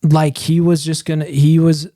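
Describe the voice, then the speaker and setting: A man co-hosting a sports podcast in casual chat, talking fast and emphatically, with frequent restarts. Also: fairly high pitch, little pitch movement, dark tone, no room sound, studio quality. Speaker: podcast co-host.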